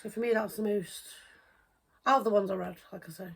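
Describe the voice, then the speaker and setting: Woman, podcast co-host, husky breathy voice, earnest casual chat. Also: mid-range voice, steady tone, a little fast.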